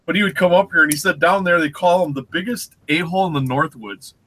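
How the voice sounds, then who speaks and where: A man with a high, bright, slightly husky voice tells a story on a live chat show. He is animated and jumps into little impressions of the people in his tale. His talk is casual and loose, never scripted. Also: quick pace, low-quality recording. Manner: animated anecdote-teller who mimics people. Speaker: co-host.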